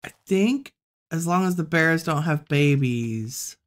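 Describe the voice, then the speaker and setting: A woman hosting a relaxed let's-play, musing aloud and chatting to the animals she meets in the game. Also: low-pitched, takes it slowly. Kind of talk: relaxed gameplay commentary.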